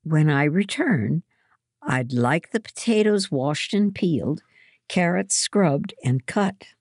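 A woman reading aloud and voicing a brisk, polite but firm middle-aged housekeeper in a storybook. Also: sits low, lively intonation, a little mellow, no room sound, studio quality, full character voice. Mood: instructing.

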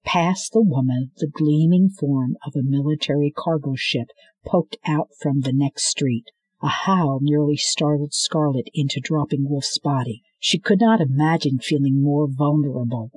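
A man reads a novel aloud at a steady storytelling pace, shifting into characters' voices for the dialogue. His voice is husky and sits a little high. The sound is dry and close. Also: no room sound, poor audio. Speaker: audiobook narrator. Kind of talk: scripted narration.

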